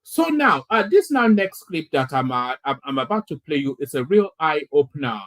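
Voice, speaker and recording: A man's voice: fairly high pitch, sing-song, normal speed, a bit bright. A man from Nigeria hosting a live show, commenting on clips he plays and often stammering and repeating words. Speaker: commentator host.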